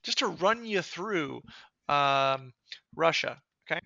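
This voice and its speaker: A man's voice: on the high side, expressive, slow pace, creaky, bright, forceful tone, no echo, muffled recording. A man co-hosting a casual political podcast, ranting heatedly and swearing often. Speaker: podcast co-host.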